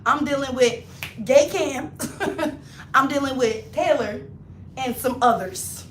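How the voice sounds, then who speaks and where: A woman with a high voice tells a story on a casual livestream, animated and full of slang. She keeps slipping into her friends' voices as she talks. The room sounds roomy, with a faint hum behind her. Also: slow. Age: adult, not in her twenties. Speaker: hairstylist livestreamer.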